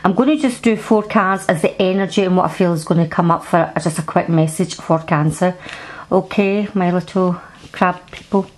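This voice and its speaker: A woman's voice: lowish voice, moderate pace, rough recording. A woman with a Scottish accent giving a casual tarot card reading to camera, reassuring and often repeating and restarting her words. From Scotland.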